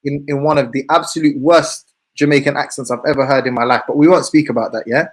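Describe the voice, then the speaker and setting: A man's voice: mid-range voice, steady tone, quick pace. A man in heated casual banter, protesting and repeating himself.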